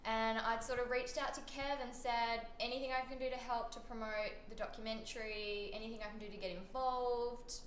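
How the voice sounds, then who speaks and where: Animated Australian woman in an echoey room. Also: on the high side, brisk, hardly any pauses, a little hiss or hum. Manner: lively, acts out the messages she quotes. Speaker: guest, suicide prevention advocate. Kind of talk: casual storytelling interview.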